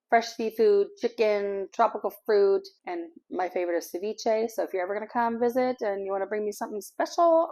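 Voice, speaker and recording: A woman's voice: medium pitch, darkish tone. A middle-aged woman from Canada, chatting casually to camera as an expat vlogger, rambling a little and laughing easily.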